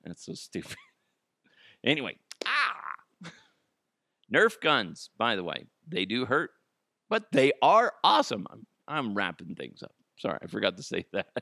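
A man's voice: medium pitch, wildly swooping pitch, measured pace, vocal fry, bright, forceful tone, no echo, studio quality. Profane man ranting on his podcast. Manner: profane, ranting, laughs at himself. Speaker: podcast host. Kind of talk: solo podcast rant.

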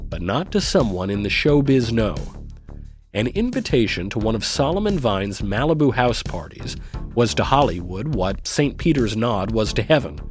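Low-voiced man narrating a sardonic drama. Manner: measured, sardonic, self-mocking. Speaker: narrator and reader. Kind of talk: scripted first-person dramatic narration.

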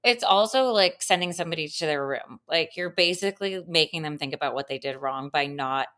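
A woman's voice: deep voice, brisk, fairly bright tone. A woman co-hosting a podcast, talking in a thoughtful, analytical way about relationships. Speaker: podcast co-host. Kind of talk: casual chat.

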